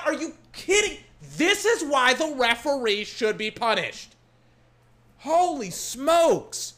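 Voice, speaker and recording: A football fan doing live reaction commentary on a game, swearing a lot and yelling at the referees in loud, ranting outbursts. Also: high-pitched, very animated, takes it slowly.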